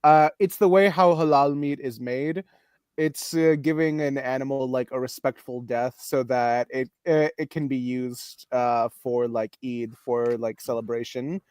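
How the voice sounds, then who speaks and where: A man on a casual podcast chat, explaining things hesitantly with many pauses and restarts. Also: mid-range voice, fairly even intonation, a little mellow, clear, resonant tone, no room sound, studio quality. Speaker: podcast co-host.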